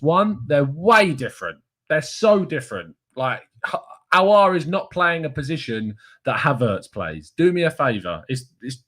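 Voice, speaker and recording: An excitable young man, hosting a football fan stream from his desk. He rambles in a mid-range voice, laughs often and mocks himself as he reacts. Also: medium pitch. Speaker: football channel host.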